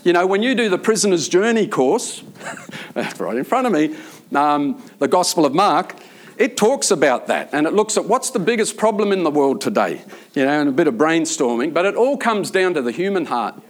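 Man, slightly high pitch, earnest, rambling, lots of fillers, informal faith talk. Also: big pitch swings, normal speed. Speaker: prison chaplain.

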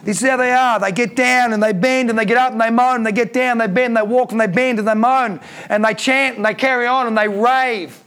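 A man's voice: very high voice, steady tone, fast, hardly any pauses, fairly bright tone, clean tone. A man preaching a sermon, reading scripture aloud and breaking off to comment with emphatic repeated phrases and rhetorical questions.

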